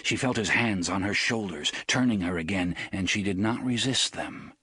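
A man reading a novel aloud in measured, intimate audiobook narration. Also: sits low, pushed and bright, husky, no echo.

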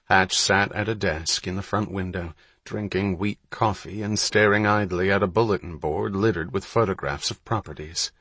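A man reading an audiobook in a measured, unhurried storytelling manner. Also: sits low, steady tone, a bit bright, husky, no room sound. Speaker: audiobook narrator. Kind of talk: scripted narration.

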